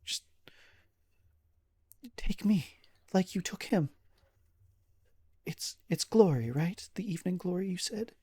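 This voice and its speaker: A man's voice: sits high, expressive, slow, pauses often, a little mellow, slightly rough, dry recording, pitched above the performer's own voice, heavily acted. A man voicing a grieving young village woman in a fantasy tabletop game, pleading and begging in despair. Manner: pleading, sobbing, begging to die.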